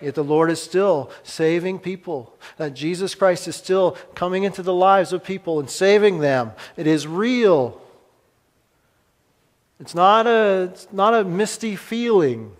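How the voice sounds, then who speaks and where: A male pastor delivering a sermon in a fairly high voice, leaning hard on some phrases and dropping to near hush on others. Long reverb from a large hall hangs after his words, as if in a church sanctuary. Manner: dramatic pauses, swings from emphatic to hushed.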